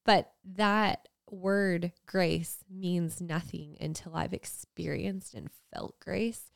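A woman's voice: lowish voice, steady tone, slow pace, vocal fry, dry recording, clean studio sound. A woman in her thirties co-hosting a casual faith podcast, talking earnestly and reflectively with frequent "like" fillers. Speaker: podcast co-host.

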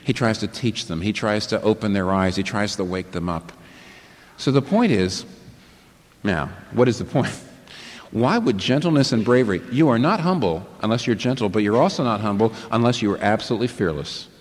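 A man's voice: fairly low pitch, lively intonation, normal speed. A man preaching a sermon to a live congregation, emphatic and fond of rhetorical questions that he answers himself. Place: large church hall with a live congregation. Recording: long reverb in a large hall.

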